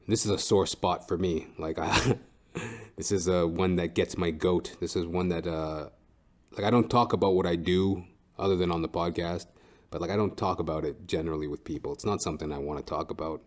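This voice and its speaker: A man's voice: sits low, steady tone, brisk. A man hosting a podcast, telling a comic story in a profane, ranting way with frequent "right?". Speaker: podcast host.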